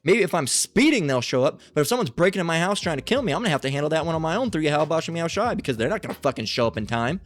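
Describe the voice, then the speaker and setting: Fast-talking guy ranting and swearing, kinda high voice, music faint behind. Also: sing-song. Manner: profane, ranting, restarts often. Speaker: channel host. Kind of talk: angry commentary on a clip. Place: lives in Las Vegas.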